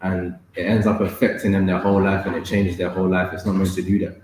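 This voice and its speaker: A man with a low, deep voice talks through a Bible lesson and reads scripture in a measured way. The sound carries heavy echo from the room around him. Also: flat delivery, a little mellow, slight background noise. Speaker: Bible study co-host and reader. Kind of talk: casual Bible study teaching and scripture reading. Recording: echoey room.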